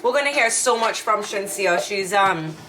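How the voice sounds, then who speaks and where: A woman's voice: medium pitch, animated, moderate pace, a crowd in the background, low-quality recording. A woman from Jamaica with a Jamaican accent, co-hosting a casual chat in a teasing, chatty way. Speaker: co-host.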